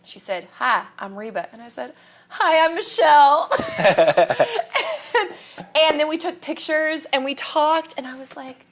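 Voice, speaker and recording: A woman's voice: sits high, normal speed, hardly any pauses, a bit bright, a little hiss or hum. A woman from Kansas, a guest in a casual interview, telling stories animatedly, acting out quotes and laughing often.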